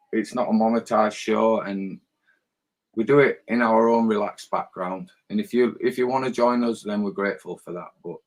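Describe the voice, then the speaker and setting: A man's voice: lowish voice, low-quality recording. A man co-hosting a casual fan podcast, blunt, swearing freely and repeating his words. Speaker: co-host.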